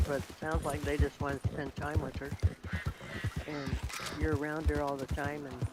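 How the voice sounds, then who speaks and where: A man in a role-play session, calmly consoling another player in short replies. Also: fairly high pitch, normal speed. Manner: calm, consoling, brief replies. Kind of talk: in-character role-play chat. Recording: loud background noise.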